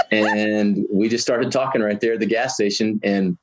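A man's voice: on the low side, normal speed, slight background noise. A man from Georgia, a talkative guest telling a long story in an interview. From Georgia, USA. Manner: chatty, lively storyteller.

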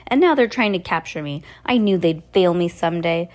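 A man's voice: sits high, animated, a little fast. A woman voicing a scheming, hot-tempered male villain in a read-aloud storybook, grumbling and shrieking.

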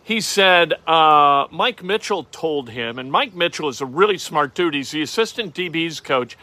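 A middle-aged man hosting a casual, opinionated sports talk show, animated and wry. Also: fairly high pitch, moderate pace. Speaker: sports podcast host.

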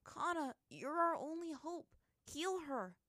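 A desperate young boy hero shouts and pleads in a high, tearful voice, as a woman puts him on. He is earnest and breaking under strain, a figure in a storybook reading. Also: big pitch swings, takes it slowly, dry recording, clean studio sound, full character voice. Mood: pleading.

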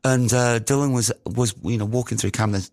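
A man, a musician, recounting studio stories in a rambling, casual way with many pauses. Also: mid-range voice, steady tone, gravelly, a little mellow, no echo. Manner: rambling, many ums and restarts. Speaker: musician guest. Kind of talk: casual anecdotal storytelling.

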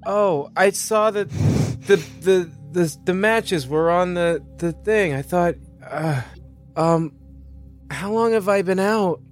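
A man's voice: high voice, slow pace, soft background music, pitched above the performer's own voice. A man voicing a flustered young male kid who stammers and trips over his words. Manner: stammering, nervous.

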